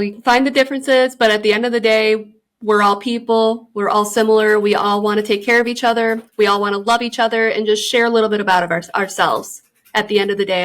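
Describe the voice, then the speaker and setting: A woman's voice: medium pitch, fairly bright tone. A young adult woman hosting a podcast interview, asking questions in an effusive, enthusiastic way. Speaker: podcast host.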